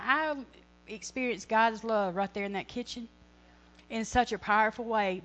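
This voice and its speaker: A woman's voice: medium pitch, a bit bright. A middle-aged woman sharing a church testimony, earnest and rambling, often correcting herself. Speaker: ministry speaker.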